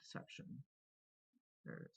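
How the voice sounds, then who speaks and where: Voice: normal speed, a bit bright. A player in a tabletop game, talking hesitantly with many fillers.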